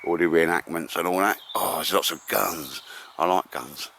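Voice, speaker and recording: Low-voiced, rambling Essex bloke outdoors. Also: male voice, normal speed, background noise. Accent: Essex English. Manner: rambling, matey, says mate a lot. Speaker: bushcraft vlogger. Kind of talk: casual chat to camera. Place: outdoors in woodland.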